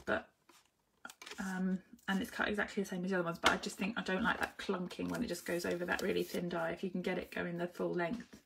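A woman's voice: fairly low pitch, little pitch movement, fast. A woman chatting through a live-streamed craft tutorial. She thinks aloud with many ums and greets viewers by name as she works. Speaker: papercraft demonstrator. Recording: clear background noise.

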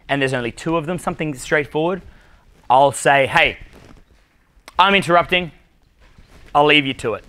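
A man's voice: on the high side, fairly bright tone, clear, resonant tone. A man with an Australian accent coaching a live seminar audience on dating, talking bluntly and swearing freely. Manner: blunt, profane, punchy delivery. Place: conference room with live audience.

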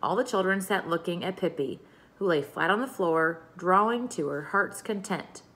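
A woman reading a children's storybook aloud in an expressive way. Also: fairly low pitch, normal speed. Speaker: reader.

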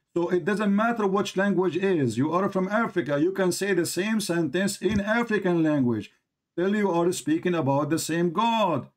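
Blunt, impatient man debating. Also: high voice. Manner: blunt, impatient, interrupts often. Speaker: debate host. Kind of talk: heated live religious debate.

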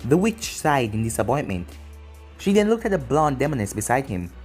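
Casting: male fan-story narrator, animated pitch, middle register. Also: fairly quick, soft background music. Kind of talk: fan fiction story reading.

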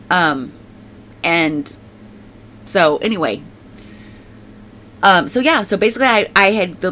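A woman's voice: medium pitch, bright, forceful tone, slight background noise. A middle-aged woman giving a personal faith testimony, talking emotionally with many restarts and fillers. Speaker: testimony speaker.

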